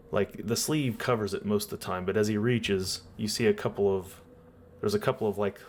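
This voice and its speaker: A man running a tabletop game as game master, narrating in a relaxed, rambling way. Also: lowish voice, slight background noise.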